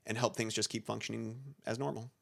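Fairly quick and fairly bright, his lowish, gravelly voice stays fairly even as this podcast co-host, who is also school staff, muses through ideas. The casual talk wanders, full of fillers and restarts.

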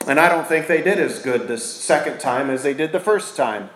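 A man preaching a sermon to a congregation, asking them questions and swinging between loud and hushed delivery. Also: mid-range voice, lively intonation, normal speed, a little hiss or hum. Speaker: pastor. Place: church hall with a congregation. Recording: echoey church room.

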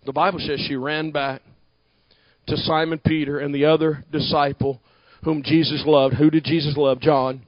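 A man preaching a sermon to a congregation, talking back and forth with them and building to shouted emphasis. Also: fairly high pitch, level tone, normal speed, no echo, muffled recording. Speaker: pastor.

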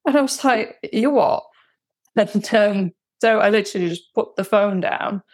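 A woman's voice: medium pitch, moderate pace. A woman, frankly recounting her frustrations as a therapy client. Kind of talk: candid personal account.

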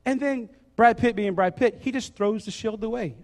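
A man preaching a sermon, joking and acting out a story in a casual, animated way. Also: high voice, moderate pace. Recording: reverberant hall.

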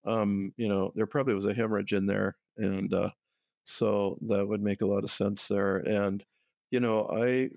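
An older man, a guest herbalist, telling stories in a relaxed way and often laughing. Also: fairly low pitch, normal speed, vocal fry, dry recording, muffled recording. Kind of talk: conversational interview.

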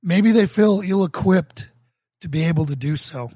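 A man from Boston, a pastor hosting his own livestream, talking earnestly and emotionally with halting restarts before moving into a sermon. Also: high voice, mellow, slightly rough, no room sound, clean studio sound. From Boston, United States. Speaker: pastor and show host. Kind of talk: livestreamed casual talk leading into a sermon.

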